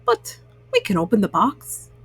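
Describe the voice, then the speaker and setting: A woman voicing a fretful, excitable male toad with a sweet tooth in a storybook reading, pleading and lively. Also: medium pitch, normal speed, slightly rough, dry recording, pitched below the performer's own voice, exaggerated voice.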